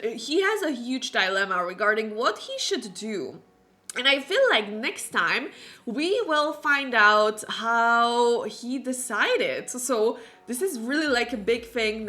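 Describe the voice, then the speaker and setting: High, bright-voiced woman streamer. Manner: chatty and bubbly, thanks chat warmly. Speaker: game streamer. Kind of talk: live-stream commentary.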